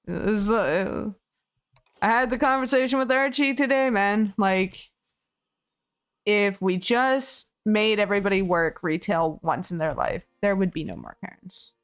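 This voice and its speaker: A hoarse woman streamer chatting casually with her viewers, rambling, laughing often and swearing freely. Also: medium pitch, measured pace. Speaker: game streamer. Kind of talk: casual chat with viewers while building.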